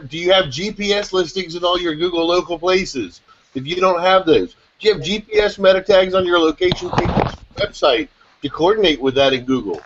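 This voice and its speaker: A man in a casual group video chat, explaining things in rapid, excitable rambles. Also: on the high side. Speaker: SEO chat panelist. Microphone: video call. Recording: dull lo-fi call audio.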